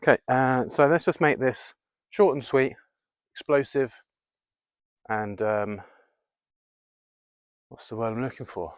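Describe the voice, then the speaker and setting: Guy doing a workout vid in the woods, counting reps, talks slow, dry close sound. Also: medium pitch, clean tone, no echo. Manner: coaching, counting reps aloud. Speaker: fitness vlogger. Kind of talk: outdoor workout instruction. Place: outdoors in woods.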